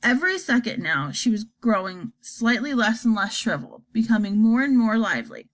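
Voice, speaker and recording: Brief: woman storybook narrator, lively expressive delivery, fairly high voice. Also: moderate pace. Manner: expressive, animated. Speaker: audiobook narrator. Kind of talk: storybook reading aloud.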